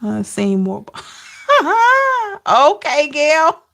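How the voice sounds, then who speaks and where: A woman tarot reader chatting casually with her live-stream viewers, laughing and talking back to them by name, with drawn-out, disbelieving exclamations. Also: high-pitched, animated, creaky, a bit bright.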